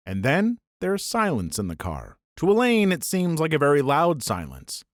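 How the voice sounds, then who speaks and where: Young male narrator, lively wry read, slightly higher voice, dry close sound. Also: normal speed, few pauses, no echo. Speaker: story channel narrator. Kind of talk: comedic story reading.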